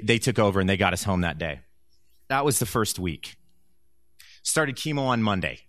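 A man sharing a personal testimony with a church audience, telling the story with lively energy and acting out the lines of the people in it. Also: on the low side, no echo. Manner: animated storyteller who acts out quoted speech.

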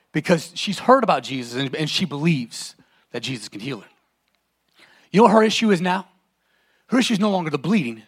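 A man's voice: a little high, husky. A male preacher delivering an impassioned, dramatic sermon and calling out to the congregation.

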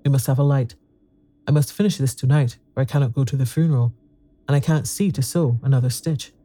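An impatient woman snaps briskly at her sisters, as a man reads her lines. The voice stays dark and mellow. It is a storybook reading. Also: medium pitch, fairly even intonation, no room sound, natural voice. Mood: scolding. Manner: brisk, scolding. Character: impatient middle-aged woman, sharp-tongued.

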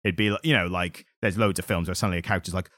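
Man, podcast co-host, low pitch, rambling chatty delivery, dry close recording. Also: steady tone, racing, a bit bright, no room sound. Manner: rambling, laughs often, hedges with "like". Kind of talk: casual comic-book chat.

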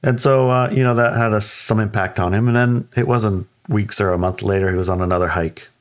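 Man, low voice, casual storyteller, podcast co-host, playful quoted voices. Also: a little fast. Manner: animated, acts out quoted voices with playful high pitch.

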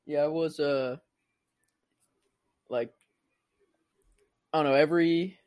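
A man's voice: on the high side, steady tone, slow pace, a little mellow, dry recording, studio quality. A young man co-hosting a casual movie-review chat, rambling with constant "like" and "you know". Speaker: podcast co-host.

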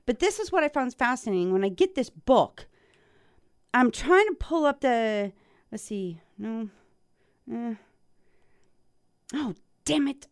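A woman's voice: fairly high pitch, smooth, dry recording, clean studio sound. A woman speaking straight to her viewers in a casual monologue, wandering and searching for her notes, then heated and swearing. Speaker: video host.

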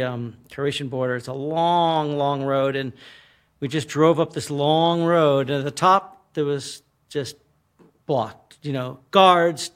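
Laughing storyteller man, voice on the high side. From United States. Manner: laughs often while telling the story, swears casually. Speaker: guest telling travel stories. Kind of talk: casual storytelling.

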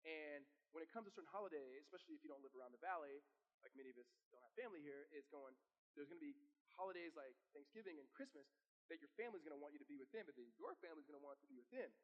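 High-voiced pastor preaching in a reverberant hall. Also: male voice, expressive, very fast, muffled recording. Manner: conversational, emphatic, repeats himself. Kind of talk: live sermon. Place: church sanctuary with long reverb.

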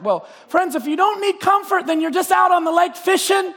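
A man preaching a sermon in a church, swinging between fervent shouting and quiet scripture reading. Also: extremely high pitch, moderate pace. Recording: reverberant church sanctuary.

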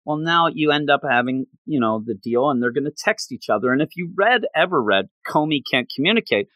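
Chatty male recapper, lively and bright, dry room. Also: medium pitch, a little fast, no echo. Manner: animated, chatty, gushing. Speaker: manga reviewer. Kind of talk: casual story recap.

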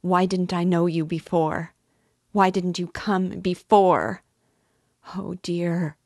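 A woman's voice: low-pitched, fairly even intonation, slow pace, darkish tone, husky, no room sound, studio quality, exaggerated voice. A woman reading aloud and voicing a desperate, tender young woman who pleads and cries out. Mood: anguished pleading. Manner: pleading, tearful, rising to cries.

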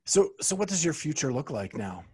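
A man hosting a podcast interview, easygoing and a bit halting as he sorts out his questions. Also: on the high side, very animated, darkish tone, slightly rough. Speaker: podcast host.

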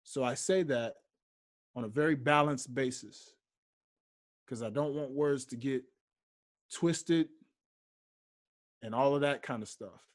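Slow, deliberate male podcast host. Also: mid-range voice. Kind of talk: solo podcast monologue.

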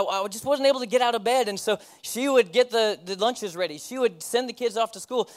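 A man in his thirties, a pastor, giving a candid personal testimony in a sermon, self-deprecating and often laughing at himself. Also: sits high.

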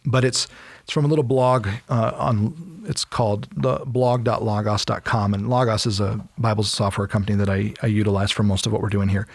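A man's voice: on the low side, fairly quick, creaky, husky, dry recording. A man co-hosting a podcast, explaining Bible passages in casual chat and acting out the quotes as he goes. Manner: animated storytelling, acts out quotes. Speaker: podcast co-host.

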